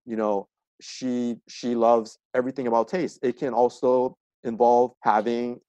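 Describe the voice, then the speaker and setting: A man's voice: medium pitch, level tone, unhurried, warm tone, dry recording, highs cut off. Earnest man explaining, dry close sound. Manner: earnest, explains with examples and acted-out asides. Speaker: trauma coach guest. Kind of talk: casual podcast conversation.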